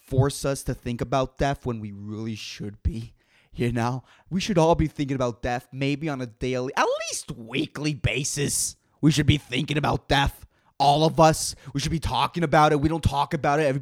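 A young man hosting a casual solo podcast, rambling and swearing emphatically as he rants. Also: on the high side. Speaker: podcast host.

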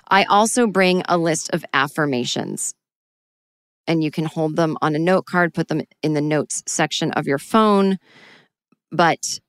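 A woman's voice: lowish voice, smooth, dry recording. A woman talking alone into a microphone, giving candid, self-deprecating advice in a chatty, casual way. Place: alone, recording at home.

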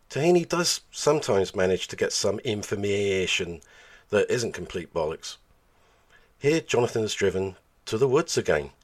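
A man narrating a documentary in a dry, mocking, scripted way. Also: fairly low pitch.

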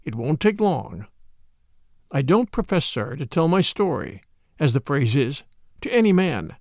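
A man reading the part of a haunted, weary middle-aged male medical assistant in a low, stern and resolute way, in a dramatic audiobook. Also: sing-song, unhurried, darkish tone, no echo, studio quality.

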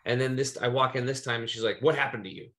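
A man's voice: mid-range voice, quick pace, fairly bright tone. Rambling man from Eastern Oregon. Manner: rambling, loose and swearing. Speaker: podcast host. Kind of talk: casual storytelling chat.

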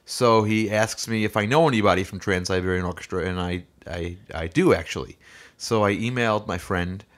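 A man's voice: on the low side, brisk. A man co-hosting a podcast, chatting loosely with lots of fillers and restarts. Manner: rambling, frequent fillers and restarts. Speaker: podcast co-host and musician. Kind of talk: casual podcast chat.

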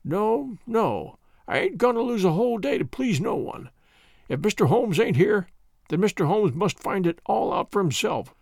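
A man voicing a stubborn, shuffling old sailor who talks in rough, petulant speech. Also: high-pitched, sing-song, normal speed, darkish tone, no echo, studio quality, heavily acted.

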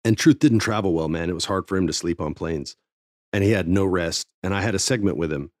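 A man, a former wrestling TV writer, telling a casual backstage story with lively acted-out quotes and free swearing. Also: deep voice, a little fast, no room sound, clean studio sound. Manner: animated, swears freely, acts out quotes.

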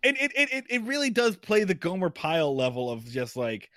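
A man's voice: high voice, very animated, brisk, fairly bright tone, no room sound, studio quality. A man co-hosting a casual movie-review podcast, ranting and swearing with lots of animation. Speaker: podcast co-host.

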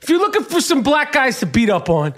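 Very high-pitched, foul-mouthed New man. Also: wildly swooping pitch, brisk. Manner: swears heavily and shouts in bursts. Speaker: podcast host. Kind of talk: profane, animated podcast rant.

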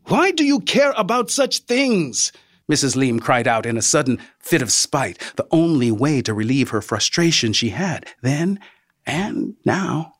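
Expressive male storyteller with lively pitch. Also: breathy edge, no echo, studio quality. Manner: expressive, slows and drops to a near whisper for emphasis. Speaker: narrator. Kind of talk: scripted story narration.

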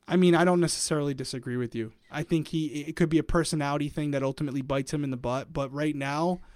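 Male podcast co-host, slightly high voice, dry close sound, casual, muses aloud. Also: fairly even intonation, fast talker, darkish tone, dry recording. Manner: musing, thinks aloud with many hedges. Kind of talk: casual recap chat.

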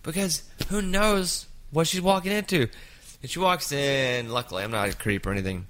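A man in his fifties hosting a casual chat, telling an anecdote with lively jumps into quoted voices. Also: on the high side, normal speed. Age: 50s.

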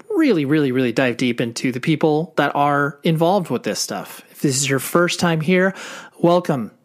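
A man hosting a podcast, giving a chatty, upbeat introduction and repeating words for emphasis. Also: on the high side. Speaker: podcast host.

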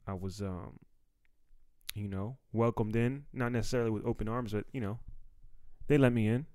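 A man's voice: lowish voice, fairly even intonation, normal speed, warm tone, no room sound. A young adult man from the Washington, D.C. area, a comedian telling a story in a casual monologue, laid-back and profane. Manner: laid-back, profane, acts out quoted dialogue.

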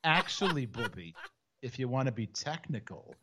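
A man's voice: medium pitch, very animated, noisy background. A man co-hosting a podcast, joking in a wry, casual chat. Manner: wry, joking, drawn-out explanations. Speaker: podcast co-host. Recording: dull lo-fi podcast audio.

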